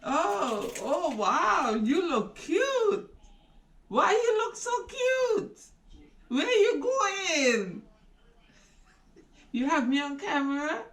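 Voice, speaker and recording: A woman's voice: very high-pitched, big pitch swings, very slow, pauses often, a bit bright. A woman talking effusively, full of exclamations.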